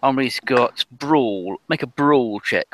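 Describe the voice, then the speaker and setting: A man narrating as game master of a tabletop game, describing scenes hesitantly with many pauses and restarts. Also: mid-range voice, fairly bright tone, slight background noise.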